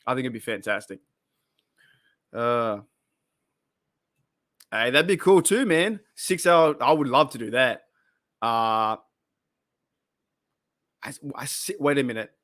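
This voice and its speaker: A man's voice: medium pitch, lively intonation, slow, long pauses, fairly bright tone. A man hosting a casual live stream, chatting and reacting to viewer comments, often repeating himself and exclaiming. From Australia. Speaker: podcast host reading live chat.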